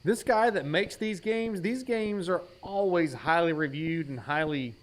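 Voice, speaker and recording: A man's voice: fairly high pitch, measured pace. A man streaming a horror game in a casual, jokey way, calling out items as he plays and teasing himself. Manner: jokey, self-mocking, names items aloud while playing. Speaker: gaming streamer. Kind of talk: casual let's-play commentary.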